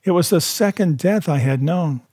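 Man, husky voice, measured pace, reading a novel aloud. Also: on the high side, warm tone, dry recording, studio quality. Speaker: narrator.

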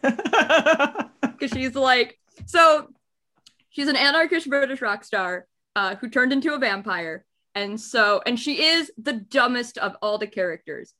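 A woman's voice: a little high, bright, forceful tone. A young woman in casual podcast chat, rambling and chatty with laughing asides.

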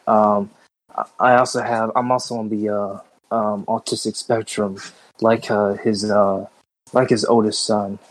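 A man from the Chicago area talks in a worn-out, halting way, restarting his sentences over and over. His pitch barely moves, and his voice sits dry and close with no room sound. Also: level tone, dry recording, rough recording. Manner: halting, many fillers and restarts. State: drained. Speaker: guest. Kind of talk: casual conversation.

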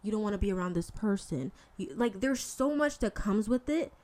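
A woman hosts a podcast and talks through her faith in a loose, candid monologue. She speaks at a middling pitch and shifts energy freely. Her delivery is conversational and animated, dotted with slangy asides. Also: normal speed. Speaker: podcast host. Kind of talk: casual faith talk monologue.

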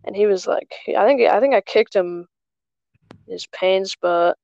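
A woman hosts a relaxed chat over a phone call. Her mid-range voice carries a gravelly fry. The sound is dry and close, with no room around it. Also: mid-range voice, unhurried, no echo. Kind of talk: casual chat. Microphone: phone on a group call.

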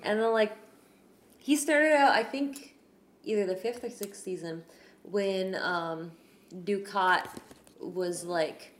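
A woman hosting a casual chat, telling profane, animated stories about meeting celebrities. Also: mid-range voice, slow pace, long pauses. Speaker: podcast host. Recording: echoey room, faint noise.

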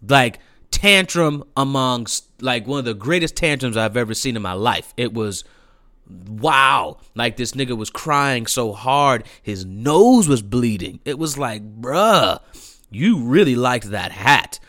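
Young man, casual storyteller; bright, animated, profane. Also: mid-range voice, measured pace, dry recording, studio quality. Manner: animated, profane, laughing, lots of fillers.

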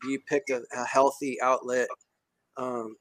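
A man hosting a podcast, talking in a casual, emphatic and excitable way with slang. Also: medium pitch, unhurried, dry recording. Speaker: podcast host.

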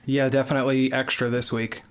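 A man's voice: mid-range voice, little pitch movement, fairly quick, smooth. A man co-hosting a casual craft podcast, joking and laughing often while talking about being stressed. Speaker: podcast co-host. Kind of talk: casual chat.

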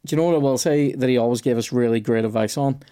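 Male comic, conversational host, mid pitch, loose, sweary, restarting often. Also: rapid-fire, warm tone, clean tone. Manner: rambling storyteller, heavy swearing, many restarts. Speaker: podcast host and comedian. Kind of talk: casual chat.

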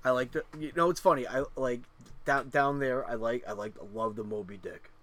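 A man's voice: mid-range voice, normal speed, fairly bright tone. A middle-aged man co-hosting a casual chat, rambling through profane stories with lots of fillers.

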